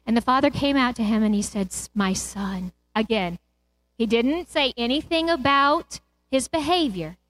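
A woman's voice: fairly high pitch, expressive, moderate pace, a bit bright, no room sound. A middle-aged woman preaching a sermon, retelling a parable with impassioned swells and cries of praise.

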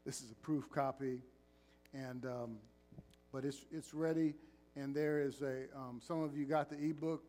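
A man's voice: medium pitch, fairly even intonation, a little slow, darkish tone, faint music behind. A man preaching as pastor in a church, calling for responses and joking with the congregation. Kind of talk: sermon with announcements.

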